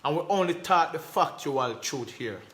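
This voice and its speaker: A man with a thick Jamaican accent talks straight to his viewers, repeating and stressing his points in a casual, animated way. His voice sits a little high and rings bright and forceful. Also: normal speed. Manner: animated, repetitive, emphatic, Jamaican patois phrasing. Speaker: host. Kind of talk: casual live-stream talk reading comments.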